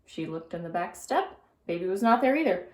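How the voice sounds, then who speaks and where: A woman narrating a children's book aloud in an expressive storytelling manner. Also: fairly low pitch, brisk. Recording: roomy echo.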